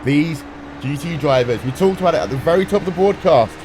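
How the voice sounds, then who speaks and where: Brisk male race commentator. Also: a little high, expressive, noisy background. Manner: brisk, playful play-by-play with dry jokes. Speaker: sim racing commentator. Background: music playing underneath.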